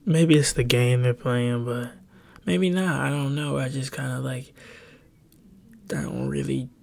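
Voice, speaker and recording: Speaking into a close desk mic in his home bedroom, this young podcast host rambles through a solo confessional episode. His voice is gravelly and mid-range, his pace unhurried, and he keeps hesitating, saying um and correcting himself.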